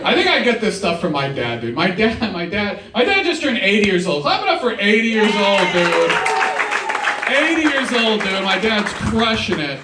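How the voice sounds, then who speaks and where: High-voiced young man doing stand-up. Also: sing-song, moderate pace, over a noisy crowd. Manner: casual, says "dude" often. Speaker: stand-up comedian. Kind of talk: stand-up comedy set. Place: live comedy show before an audience. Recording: roomy live sound, mic at a distance.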